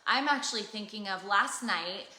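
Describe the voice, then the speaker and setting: Bright, earnest woman preaching in echo. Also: medium pitch, moderate pace. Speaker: co-host of a live faith chat. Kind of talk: casual live conversation. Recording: roomy echo.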